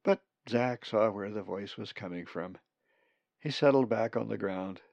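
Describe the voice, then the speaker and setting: A man narrating an audiobook slowly and expressively. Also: on the low side, gravelly, dry recording. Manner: slow, expressive. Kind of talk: scripted narration. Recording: dull lo-fi recording.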